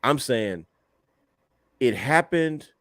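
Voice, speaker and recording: A young man co-hosting a casual wrestling podcast, animated and emphatic, often repeating words as he drives a point home. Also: mid-range voice, very slow, dry recording, clean studio sound. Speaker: podcast co-host.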